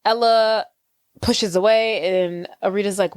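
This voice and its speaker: A woman co-hosting a podcast, recapping a film in casual chat and acting out the characters' lines with animated voices. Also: medium pitch, a little slow. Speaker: podcast co-host.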